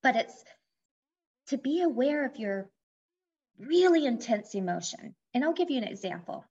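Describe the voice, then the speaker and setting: A woman's voice: sits high, sing-song, moderate pace, darkish tone. A woman life coach in a casual podcast interview, speaking candidly and explaining with personal examples. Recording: dull lo-fi audio.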